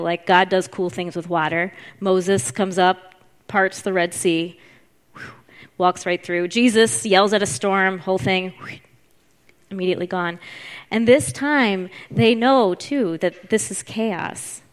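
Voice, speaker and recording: A woman preaching a sermon, telling the story in a lively way and acting out the voices of the people in it. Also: mid-range voice, unhurried, smooth. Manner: animated storytelling, acts out voices.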